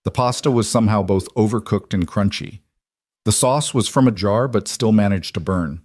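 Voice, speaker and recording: A man reading a scripted story in an even, measured narration. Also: lowish voice, no echo, studio quality.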